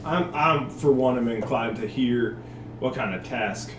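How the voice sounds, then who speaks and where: A man's voice: mid-range voice, measured pace, reverberant, distant mic, noisy background. A man playing in a tabletop game, talking in a polite, hesitant way. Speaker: player. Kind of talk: casual tabletop game play.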